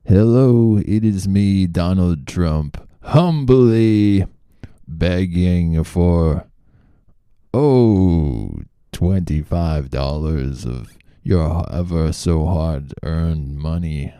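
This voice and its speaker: A man doing an impression of an older male politician, fake-humbly pleading for donations in a drawn-out voice. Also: sits low, mellow, smooth, no room sound, clean studio sound. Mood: mock humble.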